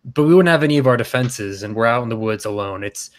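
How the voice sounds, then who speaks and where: A man's voice: medium pitch, animated, fast talker. A man playing a tabletop role-playing game, easygoing and speaking in character. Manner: easygoing, laughs often. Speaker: player.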